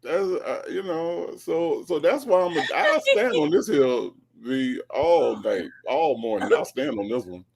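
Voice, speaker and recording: A guest commentator in a casual reaction chat, talking in a blunt, sardonic, animated way. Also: medium pitch, a little slow, gravelly, hardly any pauses, a little hiss or hum.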